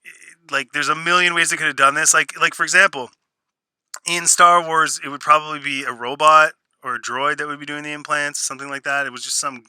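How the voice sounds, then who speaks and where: The reviewer's fairly high voice stays fairly even in intonation, a little fast, pushed and bright, with a clean tone and no room sound. He vents sarcastically through a spoiler review of a show, exasperated, mocking it and parroting lines in put-on voices.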